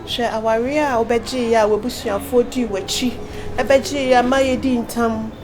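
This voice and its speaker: Actress as a pleading Ghanaian wife, soft and somewhat high. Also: female voice, fairly even intonation, measured pace, lightly acted. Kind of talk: Ghanaian comedy film acting.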